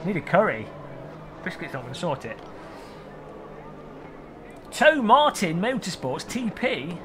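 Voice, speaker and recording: A man's voice: high voice, sing-song, measured pace, noisy background. A man chatting and joking while livestreaming a sim race, reading out viewer names. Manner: chatty, jokey, reads chat aloud. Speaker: sim racing streamer. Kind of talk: live stream commentary while racing.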